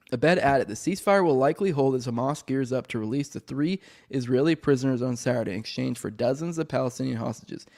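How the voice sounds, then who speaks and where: A man hosts a casual news podcast, his voice sounding choked up and a little rough. He reads articles aloud, then drifts into rambling commentary full of restarts and offhand swearing. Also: medium pitch, darkish tone. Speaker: podcast host.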